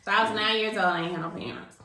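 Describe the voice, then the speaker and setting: A woman's voice: mid-range voice, racing. A woman, talking candidly and expressively in casual chat. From Alabama, US. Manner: candid, expressive, dialect-heavy talk. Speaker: co-host. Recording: roomy echo.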